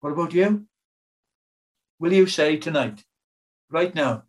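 Older British male preacher, earnest, pleading, fairly high-pitched. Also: slow, long pauses. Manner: earnest, pleading, many rhetorical questions. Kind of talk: sermon.

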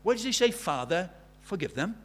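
Male preacher with a high voice, emphatic and questioning. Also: sing-song, moderate pace, a bit bright. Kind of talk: sermon.

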